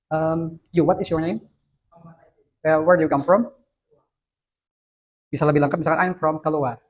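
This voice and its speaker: Indonesian lecturer quizzing a class. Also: male voice, fairly high pitch, slightly rough, highs cut off. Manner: questions students one by one, mixing Indonesian and English. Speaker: university English lecturer. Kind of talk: classroom teaching.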